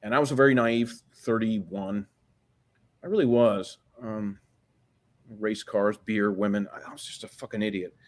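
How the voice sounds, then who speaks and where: A man in his sixties, guesting on a podcast, tells a long story in a fairly low, steady voice at normal speed. The storytelling interview is profane and rambling, with frequent restarts.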